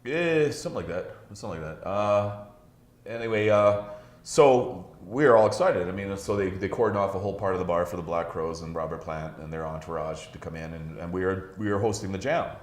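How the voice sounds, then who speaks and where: A man's voice: deep voice, a little fast. A man hosting a casual talk show in a pub, telling rambling stories full of restarts. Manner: rambling, many fillers and restarts. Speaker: host. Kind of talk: casual bar chat. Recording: roomy pub recording.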